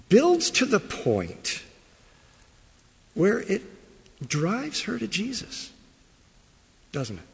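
Slow husky-voiced male pastor. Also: fairly high pitch. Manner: slow, emphatic, with many rhetorical questions. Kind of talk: sermon. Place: church sanctuary. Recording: long reverb of a large hall.

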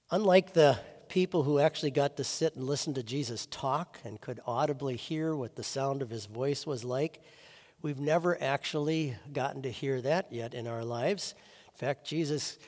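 A man's voice: mid-range voice, normal speed, a little mellow. Earnest preaching man in a reverberant chapel. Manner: earnest, storytelling preaching with emphatic rises. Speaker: chaplain. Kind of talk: sermon.

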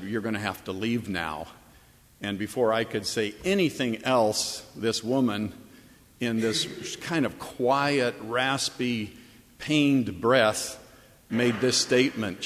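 A male pastor delivers a sermon in a chapel, his voice carrying with a long reverberant tail. He moves between relaxed storytelling and emphatic, repeated phrases. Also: on the low side.

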